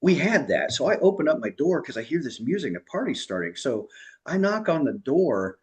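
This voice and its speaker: A man's voice: a little high, sing-song, moderate pace. Chatty man telling stand-up stories. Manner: chatty, laughs at own punchlines. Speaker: stand-up comedian. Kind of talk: stand-up storytelling on a video call.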